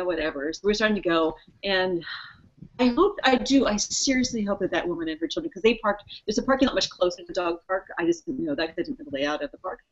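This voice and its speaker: Animated storytelling woman, lo-fi sound. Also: lowish voice, slight background noise. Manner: animated, swearing, laughs through the story. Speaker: podcast co-host. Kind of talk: casual storytelling chat. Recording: muffled lo-fi audio.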